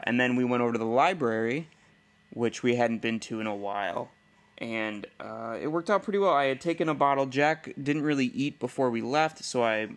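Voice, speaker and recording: A man's voice: medium pitch, fairly bright tone. A man who is a stay-at-home dad and podcast host, talking candidly in a rambling casual monologue and chuckling often.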